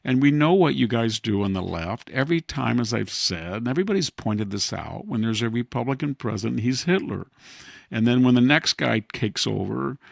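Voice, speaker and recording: Gravelly, sarcastic male podcast host. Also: medium pitch, dry recording, clean studio sound. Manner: sarcastic, wry, laughs at his own jabs. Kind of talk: casual political commentary chat.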